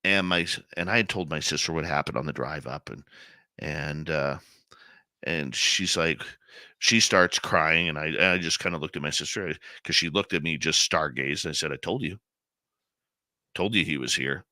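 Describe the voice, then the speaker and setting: Radio host guy, real low voice but bright and sharp, emotional storytelling, dry sound. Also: normal speed, dry recording. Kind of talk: conversational interview.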